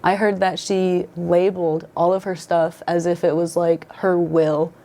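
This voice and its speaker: Low, mellow-voiced young woman telling her story. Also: little pitch movement, unhurried. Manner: emotional, lots of "like" fillers and restarts. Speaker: guest sharing her life story. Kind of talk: casual conversational storytelling.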